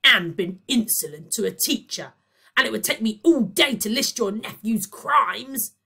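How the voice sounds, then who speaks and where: A woman voicing a loud, pompous male teacher who shouts his words out slowly. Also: on the low side, lively intonation, voice pushed up, exaggerated voice. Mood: furious. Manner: shouting, drawn-out.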